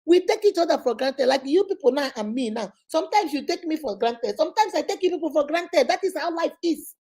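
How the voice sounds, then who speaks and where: Middle-aged Nigerian woman vlogger, fairly high, warm voice, preachy advice chat. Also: animated, fairly quick. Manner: chatty, preachy, drops into pidgin and Igbo words. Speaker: vlogger giving relationship advice. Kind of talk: casual advice talk to followers.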